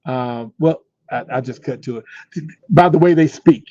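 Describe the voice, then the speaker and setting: A man's voice: medium pitch, normal speed, dark tone, no echo. A man co-hosting a casual podcast chat, often repeating words as he searches for what to say. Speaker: podcast co-host. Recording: dull dry lo-fi sound.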